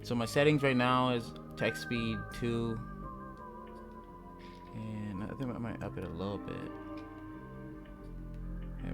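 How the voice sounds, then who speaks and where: A man casually commenting while he plays a visual novel, loud and chatty, laughing at words he can't pronounce. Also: on the low side. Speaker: gamer playing a visual novel.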